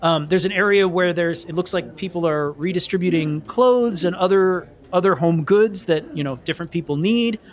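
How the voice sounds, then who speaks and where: Male game master, high voice, casual rambling narration. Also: moderate pace, hardly any pauses. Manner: casual, meandering, with fillers.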